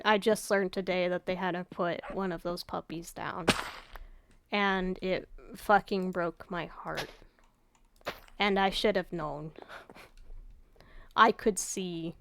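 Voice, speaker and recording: A woman's voice: steady tone, slow, vocal fry, pauses often, smooth. Woman with a raw, tired voice. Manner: rambling, low-key, swears casually, trails off. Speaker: gaming YouTuber. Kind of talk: casual rambling commentary over gameplay.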